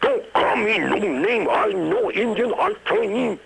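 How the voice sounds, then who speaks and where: A man's voice: sits high, animated, a little slow, gravelly, fairly bright tone, slight background noise, voice pushed up, exaggerated voice. A man voicing a testy older man who speaks in clipped broken English in a put-on accent. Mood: indignant. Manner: broken clipped speech, indignant.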